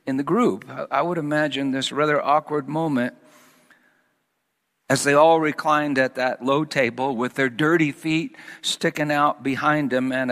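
A man preaching a sermon, reading scripture slowly and then expounding it with growing animation. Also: sits high, sharp tone, in a large hall. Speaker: pastor.

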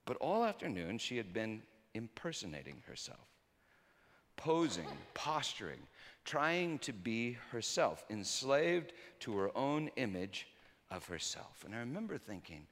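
A man preaching a sermon through personal stories, swinging between loud emphasis and hushed quiet. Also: medium pitch, sing-song, a little slow. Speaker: pastor. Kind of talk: storytelling sermon. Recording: reverberant hall.

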